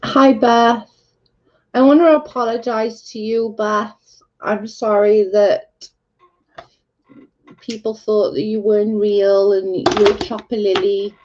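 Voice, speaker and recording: A woman's voice: mid-range voice, steady tone, slow, long pauses, a little mellow. A woman chatting casually on a livestream, answering viewer comments in a blunt, candid, sweary way. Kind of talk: casual chat. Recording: dull lo-fi recording.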